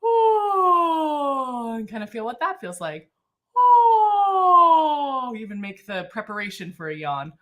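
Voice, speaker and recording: A woman vocal coach leading a live-streamed singing warm-up, talking in a relaxed, chatty way with many fillers and breaking into high sung exercises. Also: quick pace.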